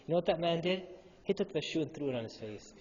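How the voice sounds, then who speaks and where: A man's voice: on the high side, lively intonation, fast, a little mellow. A male imam giving a youth sermon in a mosque hall. He tells a story with animation and asks the audience questions. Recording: dull, echoey hall recording with faint hum.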